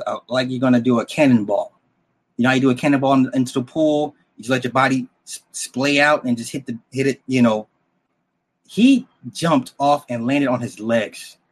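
A man recapping a film's plot in a loose, rambling way, blunt and profane, with frequent restarts and asides to the listener. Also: medium pitch. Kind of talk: casual spoken story recap.

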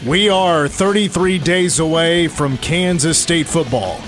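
A man hosting a sports radio show, talking casually in a hoarse voice. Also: a little high, a little slow, over music. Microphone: studio mic.

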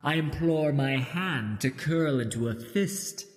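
A man voicing a prophetic female ice witch in a hushed, drawn-out, ominous voice. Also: a little high, big-room sound, voice pushed up.

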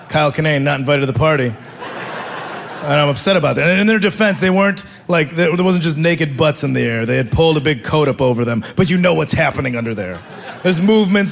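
A man's voice: a little high, gravelly, noisy background. A man performing stand-up comedy, telling a rambling, self-mocking story.

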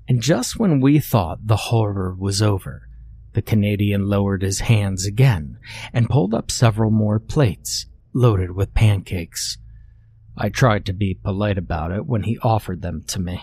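A man narrating a scary story in a deadpan, mock-serious way. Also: on the low side, unhurried, slightly rough. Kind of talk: scripted horror story narration.

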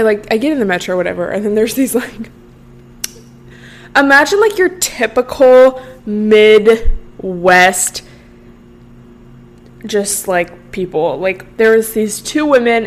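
A young woman in her twenties hosting a podcast, rambling through a casual story with lots of filler words. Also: medium pitch. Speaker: podcast host. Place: Los Angeles.

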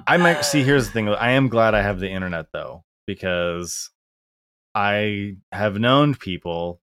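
A man's voice: lowish voice, expressive, unhurried, a bit bright, clear, resonant tone, no room sound, clean studio sound. A man co-hosting a podcast in a casual conversational chat, wry and rambling with many restarts. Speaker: podcast co-host.

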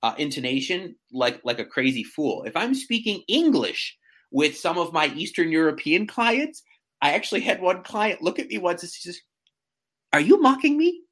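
A man in his thirties chatting casually as a guest, animated and self-mocking, often stumbling over restarts. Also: a little high, moderate pace. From central New York. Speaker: guest, real estate agent. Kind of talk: casual chat.

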